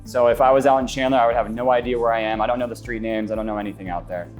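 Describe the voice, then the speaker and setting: A man from the Phoenix area, a business owner, giving a confident, brisk tour and interview inside his office. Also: mid-range voice, steady tone, soft background music. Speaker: guest, brokerage owner. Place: inside a real estate office.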